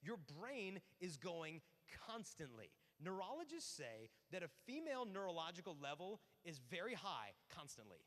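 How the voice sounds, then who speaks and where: A man with a high, bright voice gives an animated youth conference talk, acting out exchanges between people and leaning on fillers. His voice rings out through a large hall with a long tail of reverb. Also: moderate pace, hardly any pauses. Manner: storytelling with acted-out voices and many fillers.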